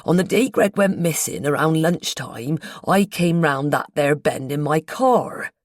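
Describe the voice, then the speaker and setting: A woman voicing an earnest, guarded local man with a North Devon accent, in a slow, confiding, colloquial way, for an audiobook. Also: low-pitched, lively intonation, no echo, clean studio sound. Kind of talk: audiobook character voice.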